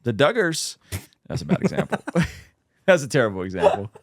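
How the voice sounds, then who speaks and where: Animated man hosting a dry-sounding podcast. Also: normal speed, no echo. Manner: animated, excitable, voice jumps high when reacting. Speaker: podcast host. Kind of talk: casual commentary chat.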